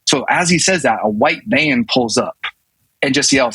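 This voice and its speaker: A man's voice: medium pitch, animated, moderate pace, bright, forceful tone, breathy edge, no room sound, rough recording. A man in his thirties, a navy command master chief and podcast guest, telling a story casually with many restarts and acted-out quotes. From US South.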